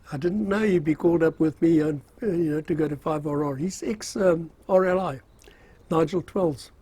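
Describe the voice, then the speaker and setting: An older man rambles through memories of his army service in a casual, self-mocking spoken memoir, dotted with fillers and chuckles. His voice is a little high, warm, husky, and unhurried, captured in a dry recording.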